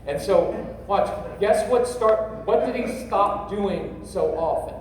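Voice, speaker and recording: A man's voice: sits high, slow pace, darkish tone. A middle-aged man giving a humorous, rambling parenting workshop to a live audience, joking and talking straight to the crowd. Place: large convention hall. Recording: echoey hall, voice from a distance, faint noise.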